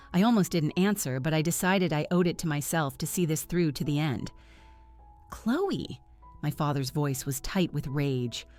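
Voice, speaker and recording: A woman in her thirties narrating a first-person story in a cool, measured way. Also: low voice, a little mellow. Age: 30s.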